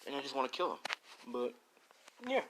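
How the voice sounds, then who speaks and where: A man's voice: medium pitch, big pitch swings, fairly quick, creaky, fairly bright tone, a little hiss or hum. A man casually narrating a fan story, rambling with slangy, profane asides.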